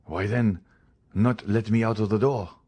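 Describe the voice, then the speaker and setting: A man's voice: lowish voice, fairly even intonation, measured pace, warm tone, slightly rough. A man reading an audiobook, voicing a cowardly, fearful thief who pleads and stammers. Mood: fearful pleading.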